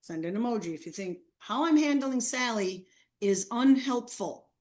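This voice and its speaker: A woman's voice: fairly high pitch, normal speed. Woman presenter telling a classroom story. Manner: animated storytelling with acted quotes. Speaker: seminar presenter. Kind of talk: online training seminar.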